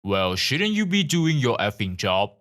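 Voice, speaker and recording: A man voicing an aggressive man who shouts and swears at a stranger. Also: medium pitch, sing-song, unhurried. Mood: angry. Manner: shouting insults.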